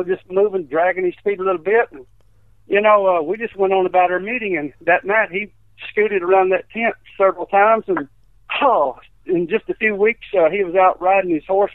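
A man's voice: high-pitched, no echo. A man, an evangelist telling healing testimonies in a rambling, folksy way, acting out the quotes. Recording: tinny dry phone line.

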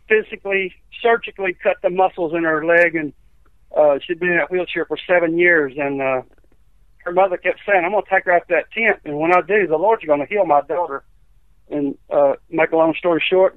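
A man's voice: a little high, dry recording. A man, an evangelist telling healing testimonies in a rambling, folksy way, acting out the quotes. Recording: tinny dry phone line.

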